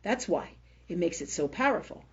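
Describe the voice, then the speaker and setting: A woman's voice: fairly low pitch, animated, moderate pace, husky, muffled recording. A woman hosting a live spiritual talk forum, speaking emphatically, swearing freely and often asking "right?". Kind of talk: unscripted spiritual talk on a livestream.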